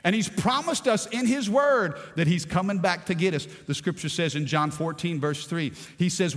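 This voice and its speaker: A male pastor preaching a sermon, moving from quiet storytelling to emphatic, rising preaching. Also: high voice, moderate pace, few pauses, in a large hall.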